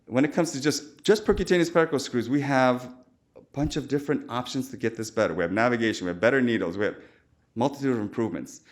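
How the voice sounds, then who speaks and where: A man's voice: medium pitch, quick pace. A man lecturing as a surgeon at a medical conference, informal and chatty, with jokes and quoted asides. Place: lecture hall.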